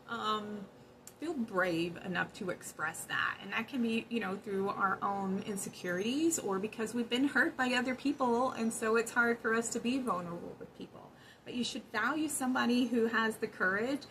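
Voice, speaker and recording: A woman's voice: fairly high pitch, fairly bright tone, a little hiss or hum, low-quality recording. A woman hosting a spiritual wellness channel, giving casual advice in an earnest, chatty way with many fillers. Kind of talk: casual spoken advice monologue.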